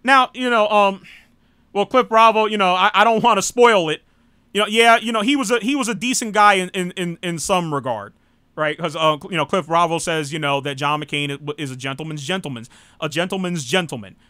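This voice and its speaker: A high-pitched American man hosting a live political talk show. His voice is bright and forward, recorded dry and close. He rambles casually, with many "you know"s and blunt asides. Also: fairly quick, clean tone, dry recording. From United States. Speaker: host.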